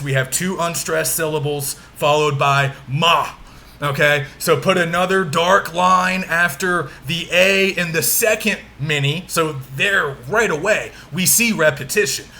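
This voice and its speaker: Bright-voiced man giving a lecture. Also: on the high side. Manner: patient, frequent check-ins, exaggerates stressed syllables when demonstrating. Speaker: literature lecturer. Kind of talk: recorded lecture walkthrough.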